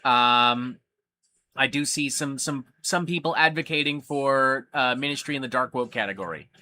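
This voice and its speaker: A man's voice: mid-range voice, moderate pace, pushed and bright. A man hosting a casual livestream. He reads viewer questions aloud and answers them with blunt, swear-filled rants. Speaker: livestream host.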